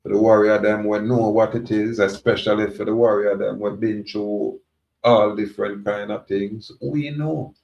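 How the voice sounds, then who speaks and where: Low gravelly jamaican guy ranting defiant and preachy, echoey room, dull lo-fi sound. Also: steady tone, normal speed. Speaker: self-styled sovereign speaking to viewers. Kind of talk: rambling monologue. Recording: roomy, dull lo-fi recording.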